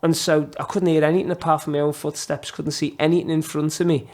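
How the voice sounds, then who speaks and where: A man's voice: a little high, flat delivery, quick pace, darkish tone. A man from the United Kingdom in his thirties, a podcast guest telling stories in a chatty, self-deprecating way. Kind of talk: casual interview storytelling.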